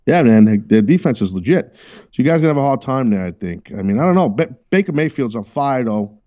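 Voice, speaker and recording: A man hosting a sports talk show, brash and animated, teasing his crew as he talks. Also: mid-range voice, quick pace, lo-fi sound. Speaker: radio show host.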